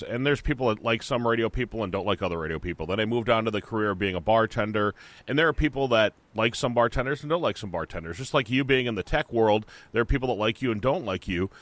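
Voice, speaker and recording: Low-voiced man on a dry mic. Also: no room sound. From Minnesota. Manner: reflective, steady, speaks from personal experience. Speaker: podcast host. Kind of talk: casual podcast chat.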